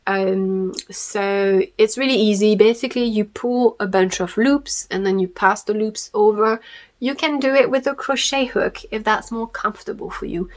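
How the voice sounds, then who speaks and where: A woman's voice: mid-range voice, steady tone, moderate pace. A young woman hosting a knitting podcast, talking casually, her voice nasal and stuffy from a head cold, chatty with frequent ums and small laughs. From France. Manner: chatty and apologetic, laughs often, many ums. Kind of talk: casual solo podcast chat.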